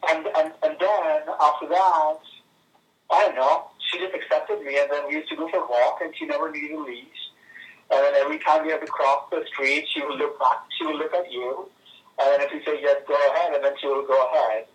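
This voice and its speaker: A man in his thirties calling in to chat with friends, halting and full of fillers and restarts. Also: a little high, fairly even intonation. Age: 30s. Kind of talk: casual phone conversation. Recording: tinny speakerphone from a distance.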